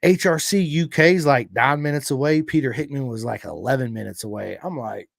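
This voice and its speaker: A man with an American country accent hosting a podcast, telling stories in an excitable, swearing, up-and-down way. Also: medium pitch, a little fast, creaky, no room sound, clean studio sound. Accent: American Southern country. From United States. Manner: excitable storyteller, swears freely, big swings in energy. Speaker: podcast host. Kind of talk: casual chat.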